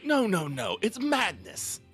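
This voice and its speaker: A man's voice: high-pitched, huge pitch swings, takes it slowly, a bit bright, breathy edge, faint music behind, heavily acted. A man reading the part of a skeptical police inspector, incredulous and questioning. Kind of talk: reading game dialogue aloud.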